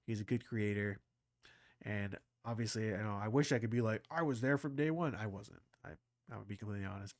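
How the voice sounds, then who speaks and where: A man with a lowish voice rambles casually to his viewers, restarting sentences and getting visibly excited like a fan. His voice sits dry and close, with no room sound around it. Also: no room sound. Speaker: anime reaction channel host.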